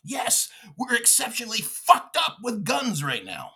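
A man's voice: very high-pitched, wildly swooping pitch, unhurried, pushed and bright, breathy edge. A man hosting a podcast, delivering a furious, profane political rant with mocking asides. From United States. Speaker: podcast host.

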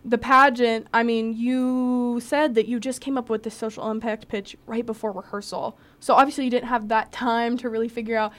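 A woman's voice: a little high, little pitch movement, normal speed, hardly any pauses. A young woman hosting a podcast in a bubbly, giggly, chatty way. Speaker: podcast host. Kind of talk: casual chat.

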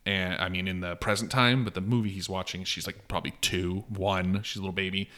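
A married man co-hosting a podcast, chatting casually about a film, rambling with lots of "like" and loud acted-out quotes. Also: sits low, fairly even intonation, fairly quick. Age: adult, long married. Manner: rambling, heavy on "like", acts out quotes with big jumps in loudness. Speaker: podcast co-host.

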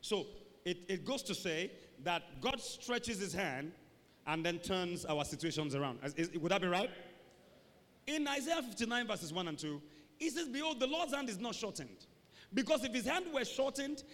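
A man delivers a sermon in a church hall, his voice high and wildly expressive. He acts out small scenes and breaks into shouts for emphasis. The hall gives every word a long reverb tail. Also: moderate pace. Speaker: preacher.

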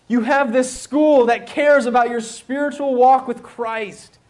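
A man with a notably high speaking voice delivers a sermon to a school audience. He talks in a conversational way, throwing out rhetorical questions and repeating key phrases for emphasis. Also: normal speed, hardly any pauses, a little mellow.

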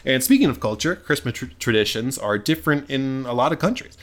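A man's voice: mid-range voice, expressive, a little fast, fairly bright tone. A man co-hosting a casual podcast chat, rambling through musings, laughing often and swearing freely. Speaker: podcast co-host.

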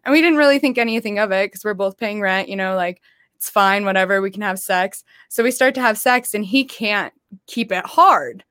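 A woman's voice: medium pitch, moderate pace, clear, resonant tone, no echo, clean studio sound. A woman casually telling a profane story on a podcast, acting out the quotes. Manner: animated, acts out quotes, laughs often.

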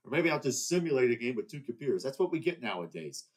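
A man's voice: mid-range voice, very animated, quick pace. A young man hosting his own podcast, talking alone in a rambling, heated way with many restarts. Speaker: podcast host. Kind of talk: casual solo monologue.

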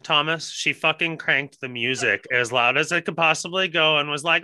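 A man's voice: a little high, moderate pace, pushed and bright, clear, resonant tone, rough recording. A young man in casual podcast chat, telling stories wryly and swearing casually. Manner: wry storytelling, swears casually.

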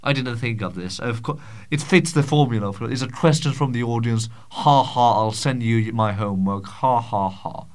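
A man's voice: mid-range voice, moderate pace, few pauses. A man hosting a podcast in a casual solo Q&A, rambling and self-mocking with frequent stammers and swearing, in a small home studio. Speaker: podcast host.

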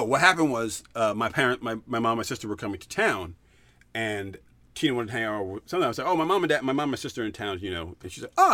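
In a laid-back storytelling chat, a man co-hosting a podcast gets animated, performing the quoted lines with dramatic jumps in pitch.

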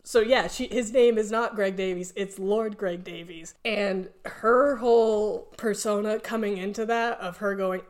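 A young adult woman co-hosting a casual podcast, talking with enthusiasm and laughing easily. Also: mid-range voice. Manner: enthusiastic, gushing, quick to laugh. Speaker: podcast co-host.

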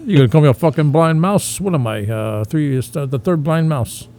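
A man's voice: on the high side, expressive, normal speed, darkish tone, a little hiss or hum. A man hosting a comedy podcast, rambling in crude banter and slipping into mocking voices.

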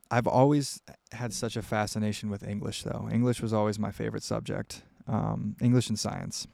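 Gravelly young man, candid podcast ramble. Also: fairly low pitch, fairly even intonation, normal speed, darkish tone, dry recording, studio quality. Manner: candid, rambling, with frequent fillers. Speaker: podcast host answering listener questions. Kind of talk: casual solo podcast.

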